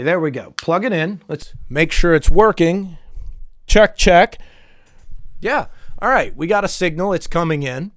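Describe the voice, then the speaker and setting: A man's voice: a little high, a bit bright. A man with a stuffed-up nose reviewing a new microphone in a loose, rambling vlog, talking through a lapel mic and then the new mic. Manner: rambling, loose, with fillers and mild swearing. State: stuffed up from allergies. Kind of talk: casual unboxing talk. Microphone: lapel mic, then a desk condenser mic.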